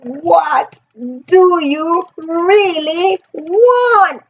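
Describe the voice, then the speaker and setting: A woman voicing a gentle male helper spirit, asking slow, drawn-out questions while reading from a comic book. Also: extremely high pitch, muffled recording, voice pushed up, exaggerated voice. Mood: probing.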